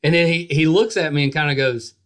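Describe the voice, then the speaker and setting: A middle-aged man hosting a casual podcast interview, chatty and quick to laugh. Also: on the high side, a bit bright. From West Virginia. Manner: chatty, laughs often, repeats words. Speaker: podcast host.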